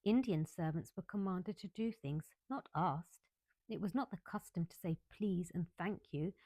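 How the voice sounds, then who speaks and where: Woman, lowish voice, calm measured bedtime story reading, dry close sound. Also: no room sound. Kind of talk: bedtime story read-aloud.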